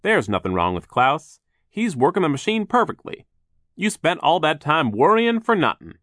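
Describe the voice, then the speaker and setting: A relentlessly cheerful mill worker, as a man puts him on reassures everyone in a bright, raised voice. He keeps looking on the bright side, his words lifting upward. The recording is close and dry, in the manner of an audiobook. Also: on the high side, very animated, moderate pace, no echo, voice pushed up. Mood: cheerfully reassuring. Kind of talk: audiobook character voice.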